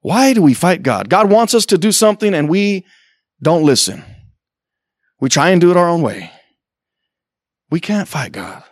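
A man's voice: high-pitched, very animated, moderate pace, pauses often, dry recording, studio quality. A man preaching a sermon to a congregation in a conversational way, with sarcastic asides and acted-out quotes. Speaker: pastor.

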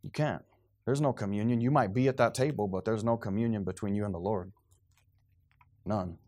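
A man preaching a sermon to his congregation, swinging from quiet, low remarks to loud, high outbursts. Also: a little fast. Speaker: pastor.

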